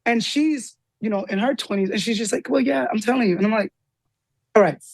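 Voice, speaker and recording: A woman guest telling a personal story with lively energy, acting out the voices of the people in it. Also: fairly quick, creaky, husky, no echo. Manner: lively, acts out quoted dialogue with big pitch jumps. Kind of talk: animated storytelling in an interview.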